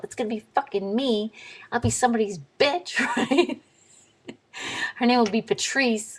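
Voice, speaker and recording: A woman tells a story to camera in a casual vlog. She is blunt and swears freely. Her delivery is animated, with a lot of back-and-forth. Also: mid-range voice, rough recording. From New York. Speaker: vlogger.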